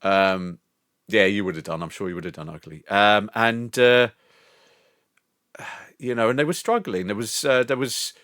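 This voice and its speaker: A man's voice: fairly low pitch, moderate pace, pauses often, fairly bright tone, smooth, no echo, studio quality. An older man streaming from home, chatting casually with his viewers, rambling, swearing and laughing often. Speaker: live streamer. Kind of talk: casual chat with live chat.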